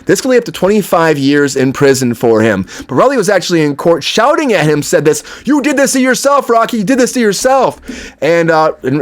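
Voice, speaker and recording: A man hosting an entertainment news show, giving casual, opinionated commentary with frequent asides to his viewers. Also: a little high. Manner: chatty, opinionated, lots of fillers and asides to viewers.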